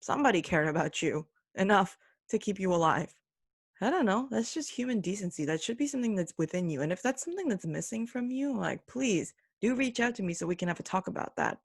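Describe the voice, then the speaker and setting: A young adult woman hosting a solo podcast, talking earnestly and emphatically, now and then mimicking other people in quick put-on voices. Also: medium pitch, expressive, husky, dry recording, studio quality. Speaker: podcast host. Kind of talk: opinionated solo commentary.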